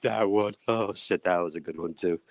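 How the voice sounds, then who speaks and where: A man's voice: low voice, normal speed, vocal fry. A man hosting a stream, chatting casually with friends, joking and swearing and laughing often. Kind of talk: casual group chat on a stream.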